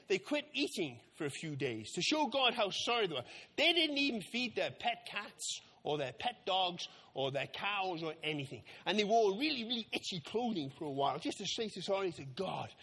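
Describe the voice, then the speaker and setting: A man telling a Bible story to children, animated and acting out the voices. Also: high voice. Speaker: children's talk leader.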